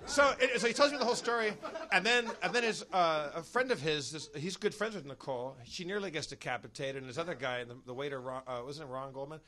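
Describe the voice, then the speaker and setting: A man's voice: a little high, fast talker. A man telling a story on a podcast in a casual way, acting out the people he quotes. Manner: animated, acts out quotes. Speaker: podcast guest.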